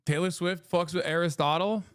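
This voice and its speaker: A man in his thirties doing live stream reaction commentary, sarcastic and deadpan, laughing often. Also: high-pitched, moderate pace, smooth, no echo, clean studio sound.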